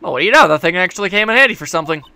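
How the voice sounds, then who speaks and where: A man's voice: high-pitched, animated, very fast, vocal fry, bright, forceful tone, smooth. A man giving casual, joking, rambling gameplay commentary as a let's play host. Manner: joking, rambling, laughs often.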